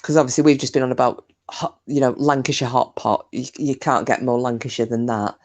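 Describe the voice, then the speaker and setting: A woman's voice: very deep voice, fairly even intonation, brisk, darkish tone. A woman chatting casually with her live stream viewers, talkative and self-mocking, swearing freely.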